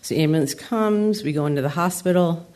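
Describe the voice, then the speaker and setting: Low-voiced woman telling a wry story on stage. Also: brisk, darkish tone. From Adirondacks, New York. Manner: wry, self-deprecating comic storytelling. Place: theater stage before an audience.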